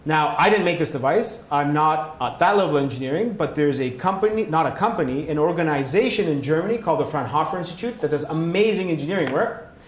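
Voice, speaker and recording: Middle-aged male science lecturer, slightly high voice, roomy hall with faint rumble behind. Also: lively intonation, fast, hardly any pauses. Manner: explanatory, frequent "right?" and "okay?" check-ins.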